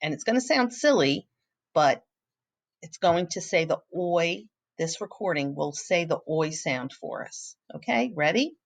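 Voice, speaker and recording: A woman's voice: lowish voice, lively intonation, a little slow, gravelly. A woman teacher talking pupils through a phonics lesson, patient and encouraging, praising them often. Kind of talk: recorded phonics lesson walkthrough.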